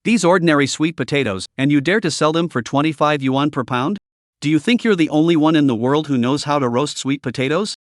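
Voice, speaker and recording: A man's voice: fairly high pitch, fairly quick, no echo, clean studio sound, natural voice. A man reading as a cool, mocking rich young man. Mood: scornful. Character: wealthy young man, calm but scornful.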